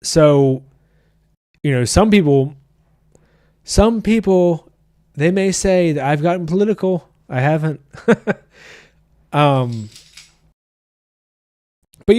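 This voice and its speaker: A man's voice: mid-range voice, darkish tone, no echo. A man with a mid-range voice talks in a loose, blunt, profane rant while hosting a casual livestream. The sound is dry and close, with almost no room around it. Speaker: podcast host reading live chat.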